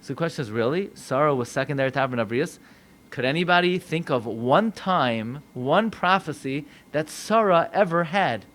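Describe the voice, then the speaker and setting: An American man, a rabbi, preaching a sermon with animated delivery, acting out voices in dialogue. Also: fairly high pitch, moderate pace. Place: synagogue.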